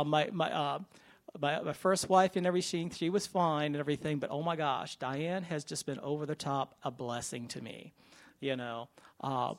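A man sharing a personal testimony in church, earnest and conversational. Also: on the high side. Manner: earnest, conversational, with fillers and restarts.

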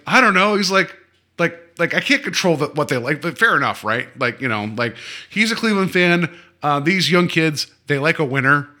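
A man's voice: fairly high pitch, pushed and bright. Rambling, tipsy man telling a story. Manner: rambling storyteller, lots of fillers and self-corrections. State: tipsy from drinking. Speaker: podcast co-host. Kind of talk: casual chat.

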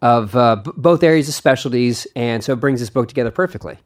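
A man's voice: mid-range voice, animated, quick pace. A young man hosting a podcast in casual chat, eager and rambling, often restarting his sentences and laughing along. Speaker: podcast host.

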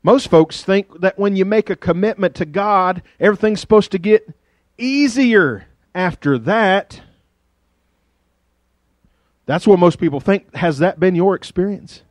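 A middle-aged man with a rural southwest Virginia accent, preaching a folksy, joking sermon that swings between loud and hushed. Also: on the high side, animated, normal speed, dry recording. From Virginia, USA. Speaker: pastor.

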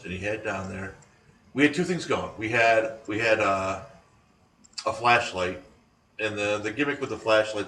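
A man co-hosting a chat show about paranormal investigations, telling rambling, animated stories full of restarts. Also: on the low side. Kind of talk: casual radio-style chat. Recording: echoey room, distant from mic, faint noise.

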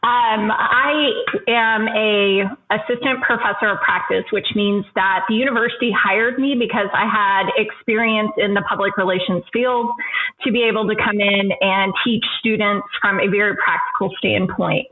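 A woman's voice: mid-range voice, steady tone, moderate pace, sharp tone, low-quality recording. A woman from Central Texas, a professor speaking as a guest in an interview, friendly, with frequent ums and uhs. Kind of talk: podcast interview.

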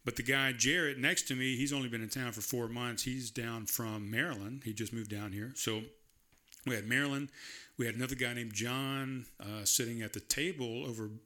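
Man, from South Carolina, podcast host, rambling casual chat, bright tone, middle pitch. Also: steady tone, moderate pace. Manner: rambling, chatty, self-amused.

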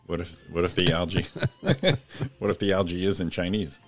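A man's voice: deep voice, level tone, a little fast, faint music behind. A man co-hosting a casual morning show, laughing often, swearing freely and tripping over his words. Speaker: co-host.

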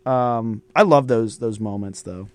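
A man's voice: mid-range voice, unhurried, no room sound. A young man hosting a college radio sports talk show, in casual banter full of laughs and fillers.

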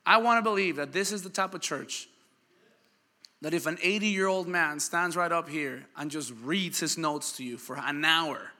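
A man preaching a sermon, telling lively stories and asking the congregation questions. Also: on the high side, moderate pace. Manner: animated storytelling, asks the crowd questions. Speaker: pastor. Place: church hall. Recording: church hall reverb.

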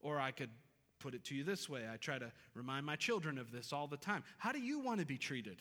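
A pastor in his thirties delivers a sermon, earnest and emphatic, driving points home by repeating phrases. His voice sits somewhat high and rings bright and forceful. The sound carries the long reverb of a church sanctuary from a stage mic. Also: very animated, brisk. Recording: reverberant hall.

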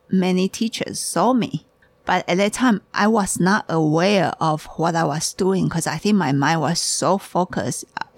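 A woman's voice: on the low side, no echo. A woman hosting a casual podcast, talking in a hurry and restarting her sentences as she gets ahead of herself. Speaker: podcast host and tea shop owner.

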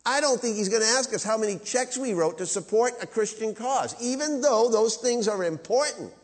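A man preaching in a church, his fairly high voice carrying a long reverb through the large room. He talks emphatically, climbing to loud, high peaks and then falling to quiet, low asides. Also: animated, moderate pace. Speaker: pastor. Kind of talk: sermon.

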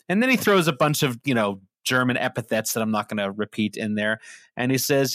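A male podcast guest tells a story with lively energy, his voice at a middle pitch. The sound is dry and close, with no room in it. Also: brisk, dry recording. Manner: animated storytelling, retelling a film scene. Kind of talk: casual podcast chat.

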